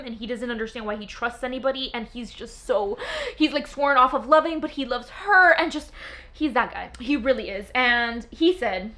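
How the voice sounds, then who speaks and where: A young woman chatting casually as a book vlogger, gushing and excitable about her favorite reads. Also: high-pitched.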